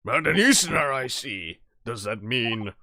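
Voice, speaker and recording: A man putting on a gruff, burly prison governor. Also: medium pitch, big pitch swings, measured pace, pushed and bright, full character voice. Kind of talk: game dialogue read aloud on a stream.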